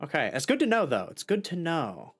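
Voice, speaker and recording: A streamer giving casual let's-play commentary, chatty and thinking out loud with many restarts. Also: medium pitch, wildly swooping pitch, brisk, husky, soft background music.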